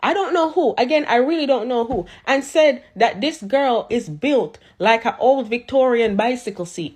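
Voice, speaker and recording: A woman ranting to camera, mocking her critics in streetwise slang. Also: sits high.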